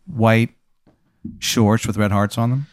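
A man improvising a comic hypothetical story, rambling and animated with lots of fillers. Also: fairly low pitch, slow pace, no echo. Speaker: podcast host narrating a hypothetical.

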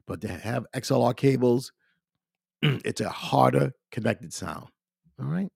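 A man hosting a podcast, talking casually about equipment while congested and clearing his throat, often calling his listeners "ladies and gentlemen". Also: medium pitch, animated, measured pace, no room sound, studio quality. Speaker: podcast host. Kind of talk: casual gear talk.

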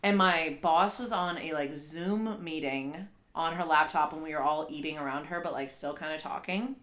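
A young woman co-hosting a podcast in casual chat, animated and excitable, getting loud and laughing when a story builds. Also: sits low, moderate pace. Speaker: podcast co-host.

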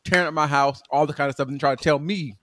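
A man's voice: on the high side, fairly even intonation, fast, a bit bright, dry recording. A man co-hosting a podcast, chatting casually with frequent affirming murmurs and laughs. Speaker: podcast co-host. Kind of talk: casual chat.

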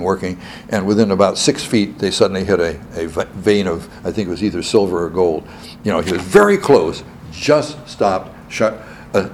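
A man's voice: fairly low pitch, darkish tone, slight background noise. A man teaching a Bible class. He reads scripture aloud, repeats key phrases and checks in with his students.

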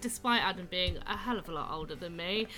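A young woman in her twenties, a guest on a podcast, speaking in a posh, lively way. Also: lowish voice, fast. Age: 20s. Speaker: guest co-host. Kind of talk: casual chat.

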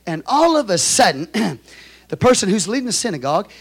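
High-voiced Texan pastor preaching loudly. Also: male voice, big pitch swings, brisk, breathy edge. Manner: swings from low storytelling to loud shouted preaching. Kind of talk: sermon.

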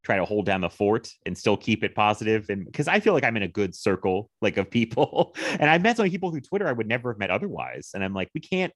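A man's voice: lowish voice, sing-song, fast talker, hardly any pauses, no room sound. A man co-hosting a film podcast, rambling casually with many fillers and frequent laughs. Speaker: podcast co-host.

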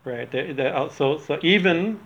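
A man giving a loose, rambling religious talk, often checking in with "right?" His voice sits a bit high for a man. The recording is dull and lo-fi. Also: lively intonation, moderate pace, fairly bright tone. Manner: rambling, keeps asking "right?". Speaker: spiritual teacher.

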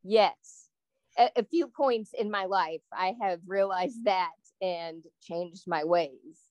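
A woman's voice: on the low side, slow, a little mellow, no echo. Chatty, blunt woman guest. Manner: chatty, blunt, laughs often. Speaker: guest, host's sister. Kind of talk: casual chat.

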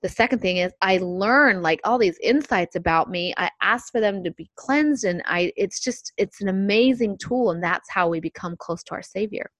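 Woman, podcast co-host, reflective faith talk, earnest, halting restarts, dry. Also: mid-range voice, a bit bright, dry recording. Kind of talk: casual faith talk, personal story.

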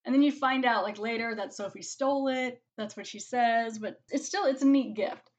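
A woman giving a casual spoken movie review, chatting with lots of "like" and acting out characters' lines in quick quotes. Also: on the high side.

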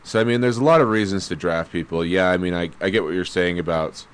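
A man with a low, resonant voice chatting casually about sports. He explains his views in a measured way, hedging and circling back with fillers. His tone is clean and smooth throughout.

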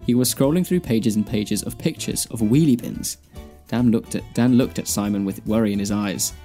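A man's voice: lowish voice, normal speed, mellow, soft background music. A man co-hosting a podcast, reading a comic fan fiction aloud and laughing through the lines. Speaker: podcast co-host.

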